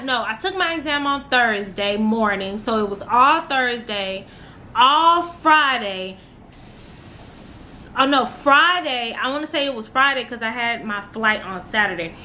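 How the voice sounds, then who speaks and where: A woman's voice: high voice, sharp tone, slight background noise. A young woman from Texas chatting casually to camera as a vlogger, emotional and talkative, calling her viewers y'all. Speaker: vlogger, newly licensed nurse.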